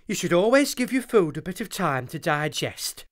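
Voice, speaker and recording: A storybook narrator voicing a calm male hadrosaur who speaks in an unhurried, easygoing way. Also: mid-range voice, natural voice. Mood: relaxed.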